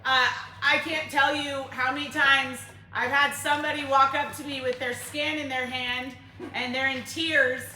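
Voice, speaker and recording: A woman fitness coach talking to a group in a lively way, asking them questions and acting out her clients. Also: high-pitched, normal speed, distant mic. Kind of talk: group workshop talk. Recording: roomy, from across the room, faint noise.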